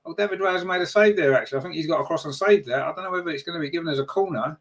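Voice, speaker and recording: A man's voice: fairly high pitch, rapid-fire, gravelly. Male fan-channel commentator, partisan and conversational, spikes in energy on attacks. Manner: partisan, chatty, rises sharply on chances.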